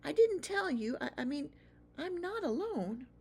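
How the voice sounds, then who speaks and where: A woman voicing a shy, homeless boy field mouse in a children's storybook reading, quiet and stammering. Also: high voice, very animated, a little slow, pitched above the performer's own voice, full character voice. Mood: hesitant.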